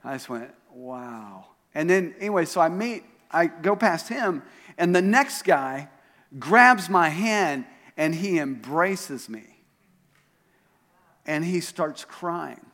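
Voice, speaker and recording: A man's voice: fairly high pitch, expressive, takes it slowly, fairly bright tone. A pastor telling a story during a sermon, animatedly acting out the voices of the people he quotes. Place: church auditorium. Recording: live sermon in a reverberant hall.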